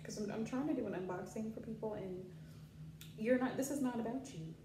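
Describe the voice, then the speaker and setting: A woman's voice: on the high side, fairly quick. A woman hosting a casual tarot vlog, chatty and talking straight to her viewers. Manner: chatty, addresses viewers as y'all, scolds her pet bunny. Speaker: tarot channel host. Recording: echoey room with background noise.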